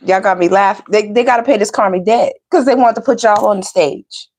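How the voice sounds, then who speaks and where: A woman's voice: medium pitch, fairly quick, darkish tone. A woman giving a casual tarot reading, talking straight to her viewers and laughing often. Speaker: tarot reader.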